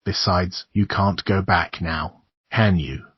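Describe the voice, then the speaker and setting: A man reads a young woman with an otherworldly coldness, coaxing and eerily calm. The voice sits low and husky, his own, in a dry, dull recording. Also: slow, no echo, heavily acted. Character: young woman, cold otherworldly sister, calculating.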